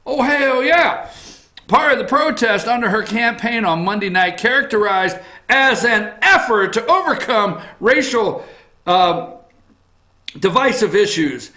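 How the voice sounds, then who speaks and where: A man hosting a political opinion show from an office, ranting bluntly with swearing, repetition and frequent shouting. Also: very high voice, lively intonation, measured pace, echoey room. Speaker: talk show host.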